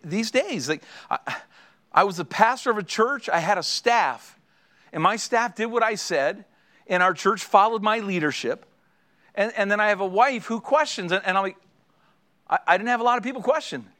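A man's voice: sits high, pushed and bright. A middle-aged man preaching a sermon as a pastor, earnest and exhorting, driving points home with repeated phrases.

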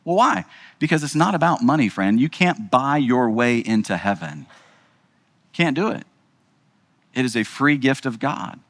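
Expressive and measured, this pastor has a medium-pitched, somewhat bright voice, pauses often, and is followed by a long reverb tail. His sermon feels conversational, full of rhetorical questions and frequent "right?" check-ins with listeners.

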